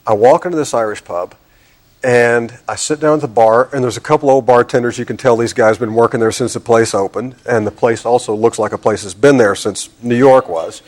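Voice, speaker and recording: A man's voice: medium pitch, brisk, a little mellow. A middle-aged man with a drawl spins a long anecdote as a talk show guest. He acts out his own irritation as he goes. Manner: drawling storyteller, acting out exasperation.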